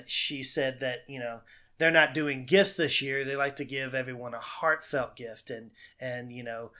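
A man co-hosting a casual podcast, chiming in with movie details and quick quoted lines. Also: medium pitch, bright, forceful tone. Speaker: podcast co-host. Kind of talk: casual chat about movies.

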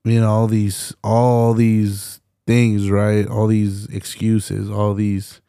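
A young man talks slowly and low on his solo podcast, his voice rough with fry. He rambles with passion through fillers and restarts and swears freely. The sound is close and dry. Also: monotone, mellow, no echo. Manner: swears often. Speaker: podcast host.

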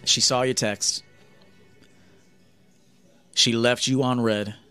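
A male dating coach lectures men on a livestream, bluntly and with plenty of profanity. His voice sits at a middle pitch, with faint music playing under it. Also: flat delivery, slow, pushed and bright.

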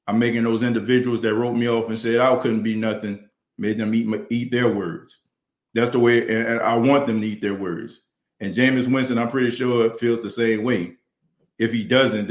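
Recorded on a studio mic and camera in a roomy-sounding space, a host from New Orleans in the US South speaks in a voice on the low side. Reading viewer chat on his livestream podcast, he talks fervently in his accent and says "you know" a lot.

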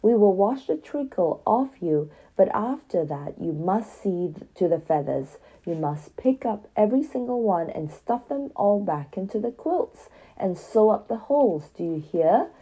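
A woman's voice: medium pitch, expressive, measured pace, few pauses, mellow, slightly rough, rough recording. A woman voicing a stern, firm young male toy who gives orders, in a children's storybook reading. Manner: stern, commanding.

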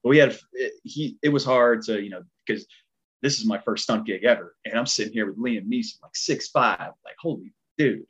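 A man working as a stunt performer tells a long story in casual chat, animated and rambling, with a twang in his speech. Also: on the low side, moderate pace, husky, low-quality recording. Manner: animated, rambling, heavy filler words.

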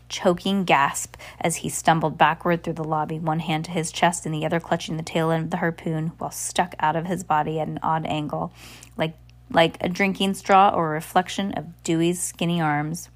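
Brief: woman reading a novel aloud, lowish voice, frequent slips and restarts. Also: flat delivery, normal speed. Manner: stumbles and restarts often. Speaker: audiobook reader.

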